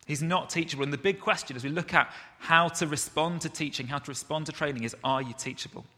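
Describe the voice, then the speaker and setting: Bright-voiced preacher in a reverberant hall. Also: male voice, on the high side, quick pace. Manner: conversational, self-deprecating storytelling. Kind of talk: sermon. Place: church hall.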